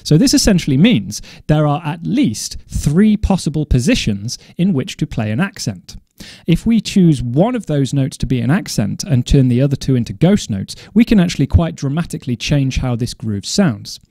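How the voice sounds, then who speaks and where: Guy explaining drum patterns step by step, mellow voice, dry close sound. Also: a little high, very animated, creaky, no echo. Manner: measured, methodical, self-correcting. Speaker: drum teacher. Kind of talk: instructional explanation.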